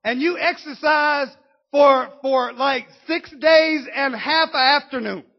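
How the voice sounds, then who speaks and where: A woman preaching a sermon, impassioned and teasing her congregation, rising to shouts. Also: high-pitched, slow. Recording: dull lo-fi recording.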